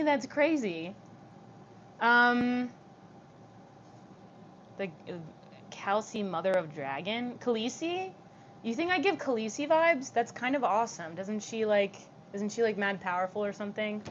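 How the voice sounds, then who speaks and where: A young woman with vocal fry chatting on a livestream, reading comments out loud and answering them in a giggly, casual way. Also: on the high side, animated, a little slow, long pauses, muffled recording, a little hiss or hum.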